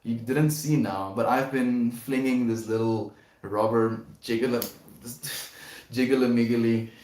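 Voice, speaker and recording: A man's voice: mid-range voice, steady tone, takes it slowly, darkish tone, slight background noise. A young man hosting a casual live stream, reading viewer comments and chatting in a laid-back way, often laughing and calling people dude and bro. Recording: echoey room.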